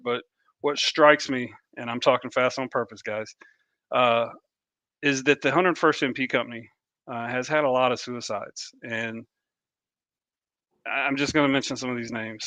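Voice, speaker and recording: A middle-aged man, a veteran co-hosting a podcast, speaking earnestly and haltingly, with frequent restarts. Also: mid-range voice, steady tone, sharp tone, dry recording. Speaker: podcast co-host, army veteran. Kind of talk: candid podcast talk. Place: remote podcast call.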